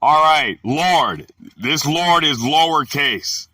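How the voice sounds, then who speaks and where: A man teaching a Bible word-study lesson, talking haltingly with many filler pauses. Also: fairly high pitch, expressive, bright, forceful tone, no echo, clean studio sound, distant mic.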